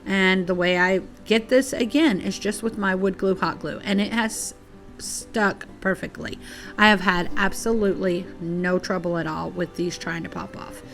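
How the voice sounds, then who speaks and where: A woman with a medium-pitched voice hosts a casual DIY craft tutorial at normal speed. She's chatty, apologetic, says "y'all," and sounds a little out of breath, with soft music playing behind her.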